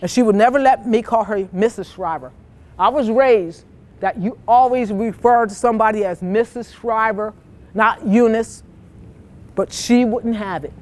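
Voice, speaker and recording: A woman's voice: fairly high pitch, moderate pace, a little mellow. A woman giving an inspirational speech to students, storytelling with emphatic, repetitive phrasing and acting out voices in quoted dialogue. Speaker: motivational speaker. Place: office headquarters in Boston.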